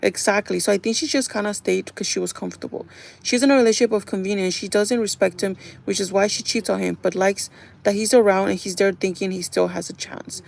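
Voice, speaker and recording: Woman livestreaming, gravelly fry in her voice, rambles to "you guys" while recapping a show. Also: mid-range voice, fairly even intonation, a little fast, darkish tone. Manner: chatty, addresses viewers as "you guys"; acts out characters' lines in quotes. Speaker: livestream host. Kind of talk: casual chat recapping a TV show.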